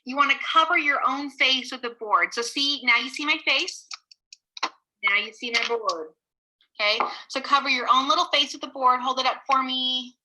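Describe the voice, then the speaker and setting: Bright, encouraging woman teaching young kids. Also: sits high, poor audio. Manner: encouraging, praising, speaks slowly to young children. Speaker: elementary teacher. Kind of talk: live online class for young children.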